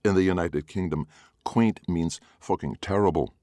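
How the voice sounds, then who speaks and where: A low, dry-humored young man, fond and teasing toward his partner, as the male narrator reads him. His voice is deep and close, with no room sound. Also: moderate pace, mellow, dry recording, close to an everyday voice. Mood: wry. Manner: wry, teasing. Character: wry young man, affectionate and teasing boyfriend.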